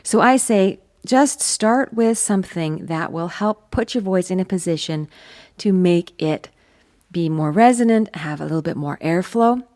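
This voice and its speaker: Woman vocal coach, slightly low pitch, patient and encouraging teaching delivery. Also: expressive, measured pace, darkish tone. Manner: demonstrates hums between explanations.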